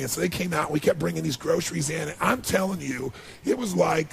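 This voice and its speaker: A middle-aged man giving a motivational speech, telling a personal story in an animated, emotional way. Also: on the high side, quick pace, creaky, husky. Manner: animated, emotional storytelling with rising bursts of intensity. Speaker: motivational speaker.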